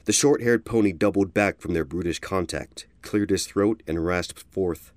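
A man giving an expressive storybook narration. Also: sits low, moderate pace, hardly any pauses, no room sound, clean studio sound.

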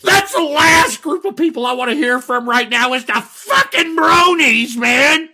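A man's voice: very high-pitched, lively intonation, a little fast, pushed and bright, slightly rough. A man hosting a comedic radio call-in show, ranting in exasperated, profane outbursts. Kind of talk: comedic rant between calls.

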